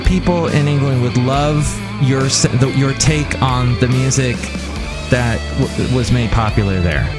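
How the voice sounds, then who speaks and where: A man's voice: mid-range voice, measured pace, loud music behind the voice. A man hosting a podcast interview, casual and stammering with repeated words. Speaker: podcast host.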